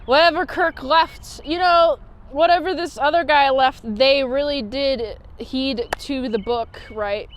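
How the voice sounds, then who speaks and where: High-voiced chatty woman reviewer. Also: unhurried, slight background noise. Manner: chatty and giggly, with many fillers. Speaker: TV episode reviewer. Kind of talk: casual review vlog.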